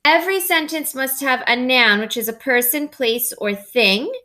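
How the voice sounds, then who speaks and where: A woman's voice: high-pitched, normal speed, sharp tone. A middle-aged woman teacher giving a recorded writing lesson to young pupils, explaining patiently step by step.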